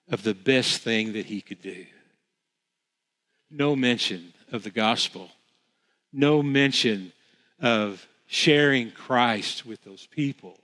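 A man's voice: on the high side, a bit bright. A man preaching a sermon as pastor, earnest, repeating phrases for emphasis with frequent restarts. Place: church sanctuary. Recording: long reverb of a church hall.

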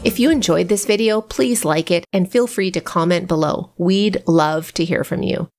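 A woman vlogging casually from inside a parked car, chatting to viewers and cooing at her dog in a high sing-song voice. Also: normal speed, a little mellow, faint music behind, low-quality recording. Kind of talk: casual chat.

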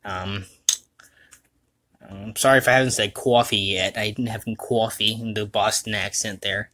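A young man rambling through a casual livestream chat, self-mocking and quick to laugh, recorded at home on a computer mic. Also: lowish voice, fairly even intonation, pushed and bright, a little hiss or hum. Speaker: vlogger and voice dubber.

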